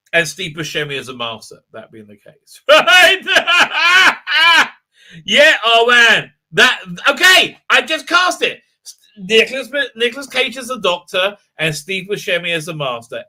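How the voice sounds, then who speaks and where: A middle-aged man hosting a casual livestream, reading chat aloud, rambling and excitable with many fillers and frequent laughs. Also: on the high side.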